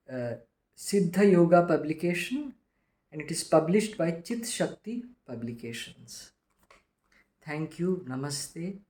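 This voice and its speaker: A man reading a spiritual commentary aloud in a measured, reverent way. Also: on the high side, darkish tone. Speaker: reader of a spiritual text.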